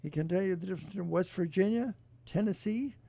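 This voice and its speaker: A man hosting a radio show, chatting casually with a co-host and reading an ad, halting with restarts. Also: high-pitched, creaky, warm tone, dry recording. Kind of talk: casual radio chat and read ad. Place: radio studio.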